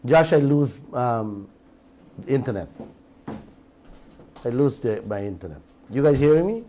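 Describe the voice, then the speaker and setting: A man's voice: mid-range voice, lively intonation, measured pace, dark tone, slight background noise. A Guyanese man hosting a radio talk show, giving an impassioned commentary full of rhetorical questions to his listeners and slipping between standard English and creole.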